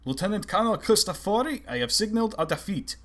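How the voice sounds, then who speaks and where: A veteran male colonel speaks in a clipped, aristocratic tone, as a man puts him on. He sounds stern and measured. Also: sits high, expressive, fairly bright tone, voice pushed up.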